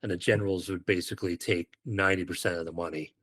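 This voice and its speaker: This former Marine from the United Kingdom has a deep, slightly rough voice and a quick pace. On a podcast he tells casual stories with animation, acting out the dialogue.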